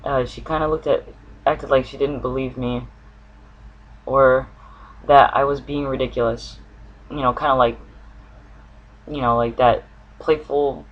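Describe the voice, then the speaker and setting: A man's voice: mid-range voice, fairly even intonation, unhurried, pauses often, muffled recording. A man telling a personal dream story to the camera, earnest and searching for words, with an occasional cough. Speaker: spiritual vlogger.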